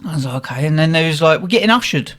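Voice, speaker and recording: Animated young man. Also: on the high side, very fast. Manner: animated, swearing, laughing at his own story. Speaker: guest telling a story. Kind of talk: casual storytelling.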